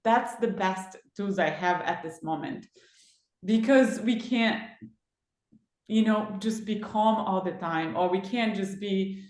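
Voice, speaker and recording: Woman speaking slowly in an echoey room. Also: mid-range voice, darkish tone. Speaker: parent panelist. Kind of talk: roundtable discussion.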